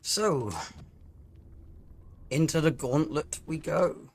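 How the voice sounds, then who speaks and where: Slow, gravelly man narrating gameplay. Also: a little high. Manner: relaxed, musing aloud over game menus. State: throat rough from coughing. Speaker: gaming channel host. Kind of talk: casual let's-play commentary.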